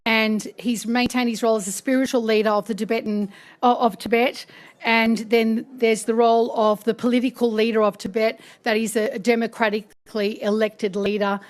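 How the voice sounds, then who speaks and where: Emotional woman MC telling a story. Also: fairly high pitch. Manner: emotional storytelling with many fillers. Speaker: event MC. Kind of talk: speech at a public event. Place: parliament function hall.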